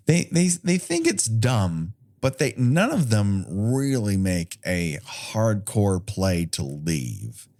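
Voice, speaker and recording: A man's voice: lowish voice, wildly swooping pitch, slow, a little mellow. A man co-hosting a comedy film podcast, talking casually with sarcastic asides and a lot of swearing. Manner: sarcastic, swears freely, riffs in silly put-on quotes. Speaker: podcast co-host.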